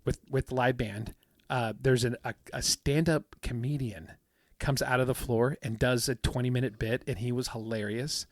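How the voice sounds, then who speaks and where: A man's voice: mid-range voice, fairly even intonation, moderate pace, dry recording. Rambling man telling a story, dry close mic. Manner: rambling storyteller, many fillers, acts out quotes. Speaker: podcast co-host. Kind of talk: casual chat.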